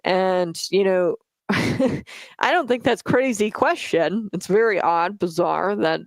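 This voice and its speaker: A woman's voice: mid-range voice, slow, dry recording. A woman hosting a talk radio show, giving blunt, opinionated commentary with frequent fillers and restarts, on a studio microphone.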